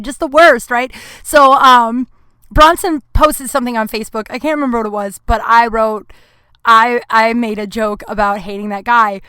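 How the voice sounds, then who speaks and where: A woman's voice: fairly high pitch, fairly even intonation, normal speed, pushed and bright, clear, resonant tone, no echo. A woman hosting her own podcast, telling stories in a rambling, frank, casual way with plenty of fillers and swearing. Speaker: podcast host. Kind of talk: casual solo podcast storytelling.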